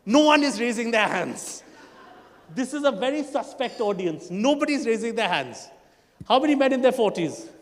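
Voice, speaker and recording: High-voiced Indian comedian on stage. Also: male voice, moderate pace. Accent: Indian English. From Kolkata, India. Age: 40s. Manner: animated, teasing the crowd. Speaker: stand-up comedian. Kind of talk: stand-up comedy set. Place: stage in a large hall. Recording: stage mic in a reverberant hall.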